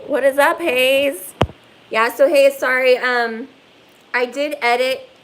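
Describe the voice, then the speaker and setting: Woman host, casual phone livestream, rambling and profane, fillers everywhere, slightly high voice. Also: steady tone, slow pace, noisy background.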